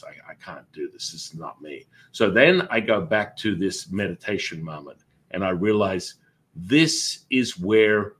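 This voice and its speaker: Man, deep voice, husky, animated storyteller, interview guest, Taoist priest. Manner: animated, acts out remembered dialogue.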